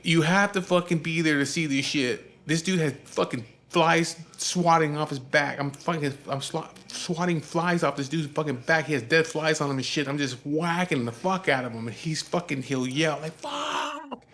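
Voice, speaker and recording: A man spinning a casual story, cursing freely and sounding amused. His voice sits a little high for a man. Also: moderate pace, hardly any pauses, fairly bright tone. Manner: profane, laid-back, amused.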